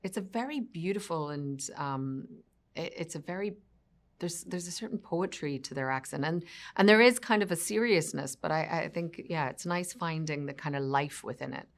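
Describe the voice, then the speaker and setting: A woman's voice: low-pitched, normal speed. A woman being interviewed as an actress, speaking casually and hesitantly with self-deprecating humor. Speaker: actress guest.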